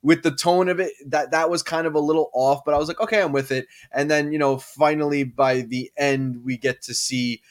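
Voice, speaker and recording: A man's voice: on the high side, fairly even intonation, normal speed, few pauses. A man co-hosting a podcast in casual chat, rambling and hesitant, full of fillers and restarts. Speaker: podcast co-host.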